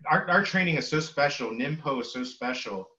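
A man's voice: on the high side, animated, normal speed, pushed and bright. A man hosting an interview, a martial arts teacher himself, talking hesitantly with many fillers. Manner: hesitant, filler-heavy speech. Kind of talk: casual interview chat. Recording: lo-fi dull sound.

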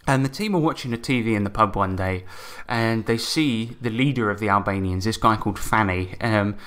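A man's voice: fairly low pitch, fairly quick, fairly bright tone, smooth. A man hosting a podcast as game master, casually recapping a tabletop campaign, swearing freely and chuckling as he talks. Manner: laid-back, swears casually, chuckles mid-sentence.

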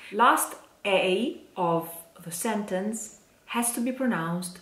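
Slow-spoken woman teaching diction. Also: medium pitch, a bit bright. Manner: slow, careful, demonstrating words aloud. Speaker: singing teacher. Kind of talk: diction lesson for singers. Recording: echoey room.

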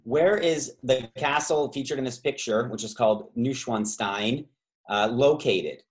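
A man hosts a trivia quiz over a video call, heard through a call microphone. His voice sits at a middling pitch, and he drags out the key words of each question. Between options he slips in casual asides and corrects himself mid-sentence. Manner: reads multiple-choice options slowly, stretching key words; chatty asides and self-corrections.

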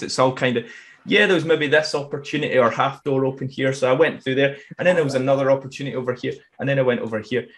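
A man's voice: mid-range voice, quick pace. Male podcast host, stammery restarts. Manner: hesitant, repeats words, friendly questions. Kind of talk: casual podcast interview.

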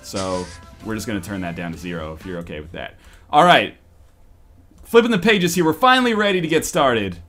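Over faint rock music, a podcast host chats casually on a voice call and reads a visual novel aloud, cursing often in an animated, mock-dramatic manner. He talks fairly quickly in a fairly low voice.

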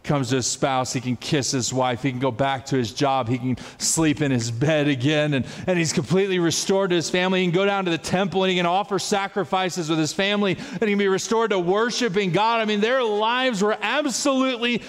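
A man preaching a sermon as pastor, telling a story with lively acted-out voices and laughter. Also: high-pitched, brisk, few pauses, in a large hall. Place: church sanctuary.

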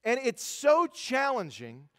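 A man's voice: very high voice, huge pitch swings, slow pace, a bit bright, big-room sound. A man preaching a sermon as pastor, conversational and self-deprecating, with lots of fillers and restarts. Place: church sanctuary.

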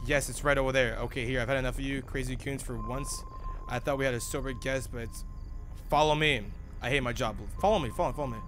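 A man voicing a weary, grumbling male motel desk clerk in a low, muttering way. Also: steady tone, quick pace, fairly bright tone, soft background music, lightly acted. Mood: fed up. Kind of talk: reading game dialogue aloud in a put-on voice.

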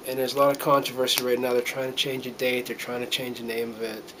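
A man's voice: medium pitch, flat delivery. Man, middle-aged, from the United States, earnest rambling monologue, lots of fillers, a bit choked up, handheld camera, faint background noise. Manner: rambling, earnest, halting with many fillers and restarts. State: a little choked up. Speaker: vlogger. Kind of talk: casual heartfelt monologue to camera.

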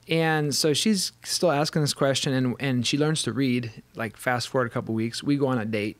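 A man in his thirties co-hosts a relaxed faith chat in an everyday mid-range voice. He tells stories eagerly and drifts into tangents. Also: mid-range voice, moderate pace, hardly any pauses, dry recording. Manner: eager storyteller, goes off on tangents. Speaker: co-host. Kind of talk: casual faith podcast chat.

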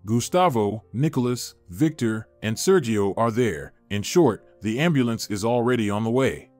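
A man's voice: medium pitch, expressive, normal speed, darkish tone, faint music behind, natural voice. A man reading the part of a woman delivering bad news bluntly. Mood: grave.

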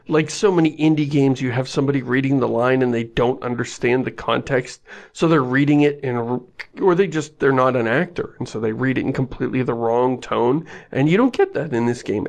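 A man co-hosting a casual podcast about video games, talking in an animated way with quick asides. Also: mid-range voice. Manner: animated, quick asides, laughs at his own complaints. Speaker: podcast host.

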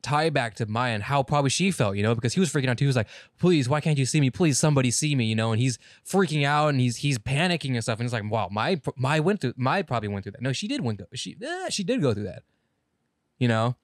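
A man's voice: mid-range voice, big pitch swings, fast, dry recording, clean studio sound. A man co-hosting a podcast in casual chat, rambling through an anime plot, correcting himself and swearing casually. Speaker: podcast co-host.

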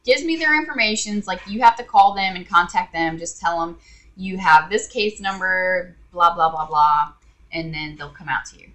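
A woman's voice: fairly low pitch, normal speed, a bit bright. A woman vlogger telling an exasperated, sarcastic story to her viewers in a casual rant. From Indiana.

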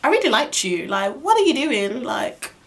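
A young woman telling a storytime vlog in an exasperated, slangy, fast way. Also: on the high side, sing-song. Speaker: vlogger.

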